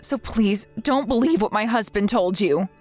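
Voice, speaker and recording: A woman reading the messages of an exhausted, apologetic young mother in a text-message story, with soft music behind her. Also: medium pitch, moderate pace, close to an everyday voice. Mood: pleading. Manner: pleading, apologetic. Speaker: daughter-in-law.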